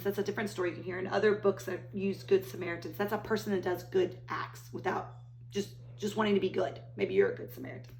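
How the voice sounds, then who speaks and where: A woman teacher reading a picture book aloud to children, animated, with gasps and exclamations. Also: mid-range voice. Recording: roomy echo.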